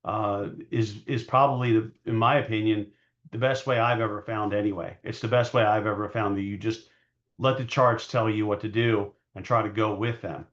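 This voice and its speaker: A man's voice: on the low side, fairly even intonation, moderate pace, fairly bright tone, lo-fi sound. A man hosting a market show, giving casual commentary over charts, rambling and hedging with fillers and self-corrections. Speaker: market analyst host.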